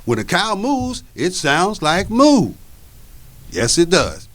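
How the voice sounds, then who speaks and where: A man's voice: high voice, wildly swooping pitch, takes it slowly, fairly bright tone, pitched above the performer's own voice, full character voice. A man voicing a big male Great Dane who gives an earnest speech to a crowd of dogs, in spoken word storytelling. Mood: rallying. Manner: earnest speechmaking, repeating points.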